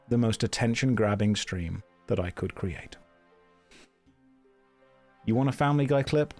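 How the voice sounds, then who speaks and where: A man streaming live, giving a sarcastic, theatrical, self-mocking monologue. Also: mid-range voice.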